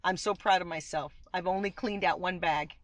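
A woman's voice: lowish voice, fairly even intonation, poor audio. Chatty woman hosting a fan podcast. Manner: chatty, reads out news items, quick laughs. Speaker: podcast host. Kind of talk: casual news chat.

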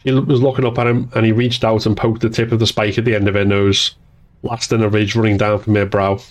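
A man narrating an audiobook in an even, measured storytelling voice. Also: fairly low pitch.

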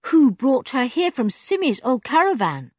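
A woman's voice: sits high, very animated, moderate pace, a little mellow, no room sound, studio quality, voice pushed up. A woman reading as a bold teenage boy. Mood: accusing. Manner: bold, challenging. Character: bold teenage boy, brave and quick-witted.

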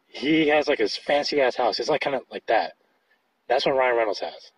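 A man's voice: medium pitch, animated, moderate pace, a little hiss or hum. A man co-hosting a podcast in casual chat, rambling with lots of filler words. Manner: rambling, laughs often, many likes. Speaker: podcast co-host. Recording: dull lo-fi sound.

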